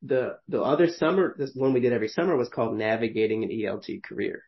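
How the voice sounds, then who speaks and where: A man's voice: mid-range voice, lively intonation, quick pace, muffled recording. A man in his thirties, a podcast host telling stories casually, rambling with many fillers and frequent laughs. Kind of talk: casual conversational storytelling.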